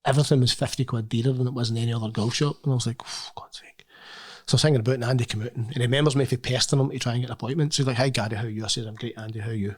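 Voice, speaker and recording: Guy, middle-aged, rambling funny golf stories on a podcast, mid pitch. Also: fairly even intonation, rapid-fire, few pauses, darkish tone. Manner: chatty anecdotal storyteller, jokey. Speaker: podcast co-host. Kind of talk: casual golf banter.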